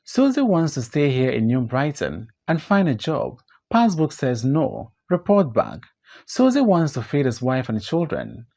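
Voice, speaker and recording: A man plays a desperate grown man in an audiobook drama. He pleads and protests with wide swings of pitch. His delivery is slow and weighted. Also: big pitch swings, vocal fry, warm tone, exaggerated voice. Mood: bitter. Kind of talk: audiobook play reading.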